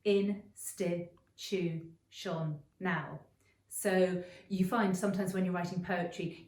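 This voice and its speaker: A middle-aged woman teaching creative writing in a chatty, explanatory video lesson, often pausing with ums and restarting phrases. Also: lowish voice, darkish tone, distant mic. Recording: roomy echo, voice a bit off-mic.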